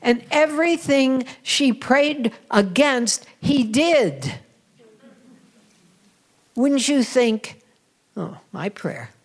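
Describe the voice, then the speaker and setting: A woman's voice: on the high side, darkish tone, rough recording. A woman giving a spiritual talk in an earnest, intimate storytelling manner, now and then dropping to a whisper for emphasis. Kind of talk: sermon-style personal storytelling.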